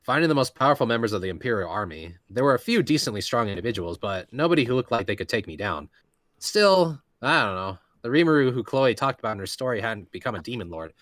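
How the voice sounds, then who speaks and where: A man reading first-person light novel narration in a relaxed, casual way, with jokey asides. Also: mid-range voice, quick pace, dry recording, studio quality. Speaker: reader of the main narrator.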